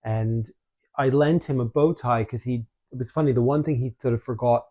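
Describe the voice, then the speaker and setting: Brief: male podcast host, warm mellow tone, lively storyteller, casual chat. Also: mid-range voice, normal speed. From Canada. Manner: chatty, animated storytelling.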